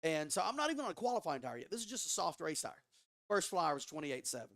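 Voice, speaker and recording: A man tells a story in a casual, excitable way, with plenty of swearing and false starts. His voice sits fairly high. The sound is dry and close, with no room echo. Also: fast. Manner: animated, profane, frequent restarts. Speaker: podcast guest. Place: studio.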